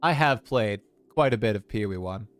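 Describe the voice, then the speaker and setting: A young man chatting casually on a livestream, rambling and animated as he talks to his chat. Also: lowish voice, fairly quick, clean tone. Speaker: streamer.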